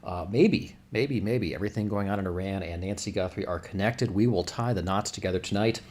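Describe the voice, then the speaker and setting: Rambling low-voiced male stream host. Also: brisk, darkish tone. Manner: meandering, self-correcting, wry. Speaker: livestream host. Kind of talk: rambling news commentary.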